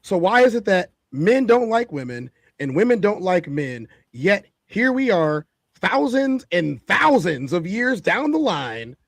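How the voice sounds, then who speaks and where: A man co-hosting a talk show, talking in an emphatic, sermon-like way that hammers each point home through repetition. His voice sits a bit high for a man. It sounds dry and close, with no room around it. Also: dry recording. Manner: emphatic and preachy, repeats his points for effect. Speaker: podcast co-host. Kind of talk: opinionated talk-show commentary.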